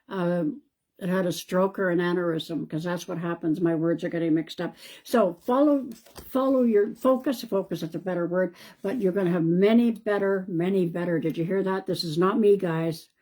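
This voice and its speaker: A woman, a psychic medium, doing a live-stream card reading in a calm, reassuring way and thinking aloud. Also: on the low side. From Canada.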